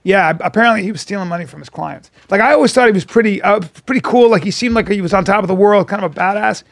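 A podcast co-host with a raised pitch and a rough, fry-laden edge to his voice. He swears often and acts out the voices of the people in his stories. The sound is close and dry, with no room in it. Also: very fast, dry recording. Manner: profane, animated storyteller who acts out quotes. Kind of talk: casual podcast banter.

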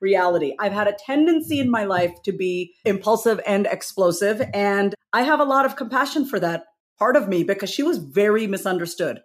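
A woman's voice: medium pitch, expressive, a little fast. A woman with a New York accent, a podcast guest who talks candidly and animatedly and laughs often. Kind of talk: podcast conversation.

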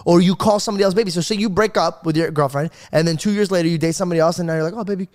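A young man co-hosting a podcast in casual chat, animated and acting out little voices to make his points. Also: sits high, very fast. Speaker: podcast co-host.

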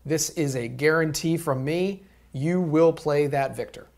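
A man playing a nervous male league commissioner in a comedy sketch, who snaps angrily and then turns shrill and fawning. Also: unhurried, darkish tone. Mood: nervous eager.

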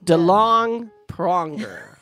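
A woman's voice: lowish voice, sing-song, very slow, fairly bright tone, soft background music. A woman co-hosting a comedy podcast in casual banter, blurting out random wrong names as jokes. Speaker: podcast co-host.

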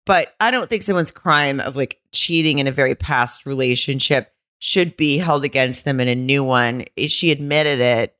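A woman co-hosting a chatty podcast, talking bluntly with rambling asides and frequent swearing. Her voice sits very low. The sound is dry and close on the mic. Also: moderate pace, few pauses, a bit bright, dry recording. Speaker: podcast co-host. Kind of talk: casual chat.

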